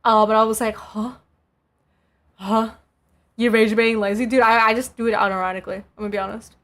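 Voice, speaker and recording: Laughing streamer woman with a high voice. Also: level tone, brisk, fairly bright tone. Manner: laughing, reminiscing, slangy. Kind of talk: casual chat reacting to old clips.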